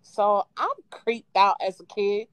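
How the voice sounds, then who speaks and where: A woman calling in to a live show, casually telling a childhood story with lively quoted voices and frequent laughs. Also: mid-range voice, slow pace, smooth, dry recording. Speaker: caller. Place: at home on a live call. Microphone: phone.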